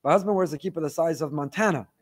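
A man teaching a Torah class, reading listener emails aloud in an animated storytelling way with wry asides. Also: a little high, racing.

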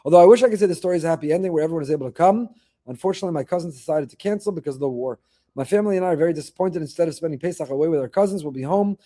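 A middle-aged man, a rabbi, telling faith stories in a quick, animated flow. His voice sits high and sounds mellow rather than bright. He repeats key phrases to drive them home. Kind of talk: weekly faith talk.

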